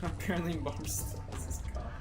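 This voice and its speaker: A game streamer giving live gameplay commentary, excitable and swinging between shouts and flat exasperation. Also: medium pitch, moderate pace, music in the background.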